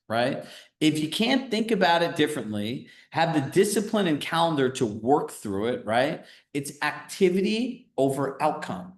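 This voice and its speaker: A man coaching a group live on a video call, talking in a casual, energetic way and often checking in with "right?". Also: fairly high pitch, roomy sound. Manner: energetic, conversational, filler-heavy with frequent "right?". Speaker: real estate business coach.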